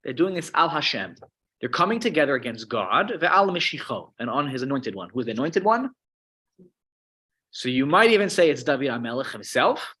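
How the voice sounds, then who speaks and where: A man teaching a Psalms class, explaining Hebrew words in an animated way with frequent restarts. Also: mid-range voice, a little fast, breathy edge. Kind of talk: Torah class lecture.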